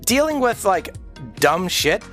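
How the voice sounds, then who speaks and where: A man's voice: sits high, big pitch swings, slow, a bit bright, faint music behind. A man streaming and chatting casually, blunt and profane, acting out voices as he retells stories. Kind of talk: casual livestream chat.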